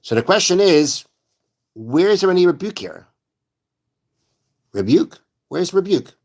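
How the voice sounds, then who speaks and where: Male Torah class teacher, a bit high-pitched, builds his point through repeated questions. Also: very animated, measured pace, a little mellow. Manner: explains step by step, repeating rhetorical questions; mixes Hebrew verse quotations into plain talk. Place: synagogue study hall.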